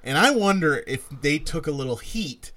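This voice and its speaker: A man's voice: fairly high pitch, animated, moderate pace, pushed and bright. A man co-hosting a casual podcast, recounting news stories and paraphrasing what others said. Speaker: podcast co-host. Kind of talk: casual chat.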